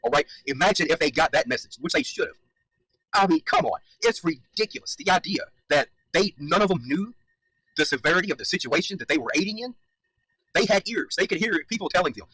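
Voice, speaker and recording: Male commentator, fired up and emphatic, a touch higher-pitched, swears freely. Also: lively intonation, fast talker, pushed and bright, dry recording, rough recording. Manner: heated, emphatic, repeats points, swears. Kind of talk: reaction commentary.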